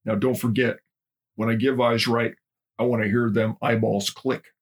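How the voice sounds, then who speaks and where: A man voicing a gruff drill instructor giving blunt, clipped orders in a husky voice. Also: medium pitch, flat delivery, moderate pace. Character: gruff male drill instructor addressing his platoon.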